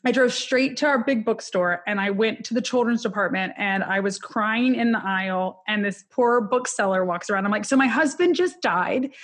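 A woman in her thirties, an interview guest telling a personal story candidly, with many fillers. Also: mid-range voice. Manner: candid, emotional, with many fillers and quick laughs.

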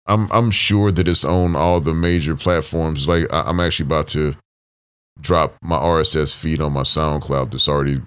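Deep-voiced rambling man. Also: steady tone, moderate pace, clean tone. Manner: rambling, full of fillers and profanity. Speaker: podcast guest. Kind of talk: casual podcast chat.

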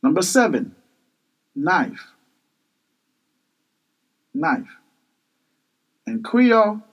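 A man's voice: fairly high pitch, big pitch swings, slow, pauses often, poor audio. A man teaching kitchen vocabulary, patiently repeating each word several times and spelling words out for learners. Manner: self-correcting and spelling words out. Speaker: language teacher.

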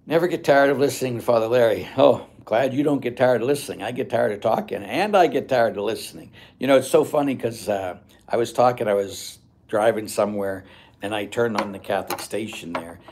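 A man's voice: fairly low pitch, brisk, a little mellow. A man who is a Catholic priest, answering viewers' chat questions on a casual livestream in a chatty, rambling, blunt and joking way. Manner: chatty, rambling, with frequent fillers.

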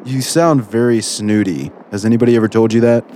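A man hosting a comedy radio call-in show, relaxed and dry as he moderates. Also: mid-range voice, brisk, slight background noise.

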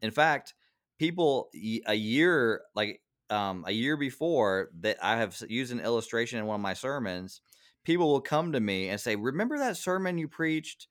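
Low-voiced pastor explaining earnestly. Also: male voice, expressive, normal speed, a bit bright. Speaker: pastor and podcast co-host. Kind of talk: casual Bible study chat.

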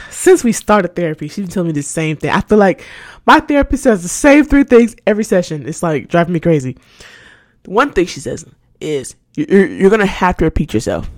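A woman's voice: low voice, a little mellow, no room sound, studio quality. A woman hosting a casual solo podcast, talking candidly and animatedly, laughing often and repeating words as she searches for them. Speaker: podcast host.

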